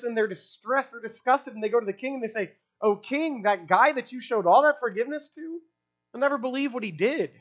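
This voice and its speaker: Conversational preacher, dull lo-fi sound. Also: mid-range voice. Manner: conversational, with rhetorical questions and fillers. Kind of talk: expository sermon.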